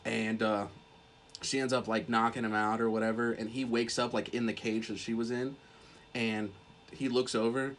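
A young man chats loosely on a podcast, piling up "like" between his words and cursing freely as he recounts a story. His pitch sits in the middle of the range. A faint hiss of noise runs underneath. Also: little pitch movement, normal speed, a bit bright. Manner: rambling, swears a lot, heavy use of "like". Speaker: podcast co-host. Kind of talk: casual chat.

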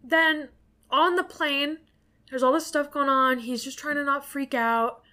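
A woman's voice: sits high, steady tone, unhurried, sharp tone. A woman co-hosting a podcast, recapping a movie in a rambling, casual way full of fillers and the odd swear. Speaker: podcast co-host.

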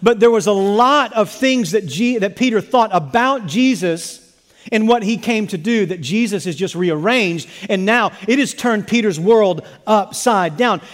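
A man's voice: high voice, expressive, unhurried, in a large hall. A male pastor preaching a sermon emphatically, repeating phrases and restarting words as he builds each point.

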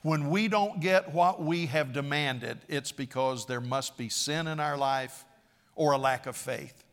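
A man's voice: a little high, measured pace, a bit bright. A man preaching a sermon, dramatic and emphatic, acting out quoted speakers with a raised voice. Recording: long reverb of a large hall.

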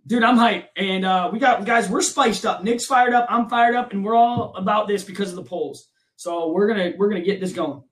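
A young man co-hosting a casual podcast, laughing and launching into animated, mock-outraged rants. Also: high-pitched, brisk, few pauses. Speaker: podcast co-host. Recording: roomy echo.

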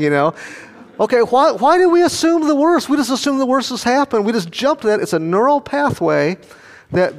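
Older folksy preacher in a reverberant hall. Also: male voice, fairly high pitch. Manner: folksy storytelling, asks the congregation questions. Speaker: pastor. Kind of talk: sermon. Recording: long reverb of a large hall.

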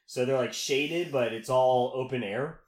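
A man's voice: medium pitch, unhurried, reverberant. A man from Texas, a podcast host telling travel stories in casual, rambling chat full of "like". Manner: rambling storyteller, filler-heavy.

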